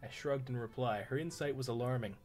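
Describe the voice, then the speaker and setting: A man's voice: mid-range voice, brisk, a little mellow, faint music behind. Man streaming a horror game, cussing. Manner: profane, jokey reactions. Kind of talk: reading a horror visual novel aloud live.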